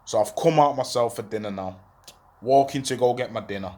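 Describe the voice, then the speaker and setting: A young man tells a long personal story in heavy street slang. He keeps the telling animated and drops into the voices of the people he is quoting. His voice sits at an ordinary middle pitch for a man. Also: a little fast. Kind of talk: storytelling monologue.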